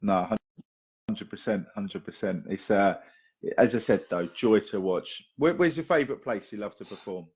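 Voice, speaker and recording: A man's voice: on the low side, normal speed, darkish tone, slightly rough. A man hosting a casual podcast interview, bantering and swearing with his guest. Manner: laid-back, banter-heavy, laughs along, swears. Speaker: podcast host. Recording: dull, distant mic.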